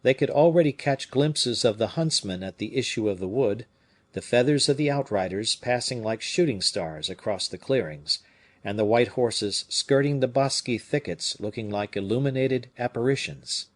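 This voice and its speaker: This audiobook narrator, a man of medium pitch, reads a classic novel in a steady, measured storytelling style.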